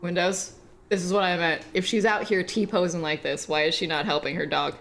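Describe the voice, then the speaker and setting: A woman streamer giving casual, animated commentary while playing a horror game, swearing, laughing and chatting with viewers. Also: fairly low pitch, a little fast, slight background noise.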